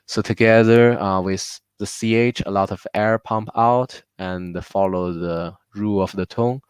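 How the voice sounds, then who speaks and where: A man with a Chinese accent, Mandarin his first language, teaching pronunciation and saying each word several times. His voice sits low and moves slowly. It is smooth and clear, recorded close and dry with no room sound. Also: fairly even intonation, no echo. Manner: patient, repeats words slowly for learners. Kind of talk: live online language class. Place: home.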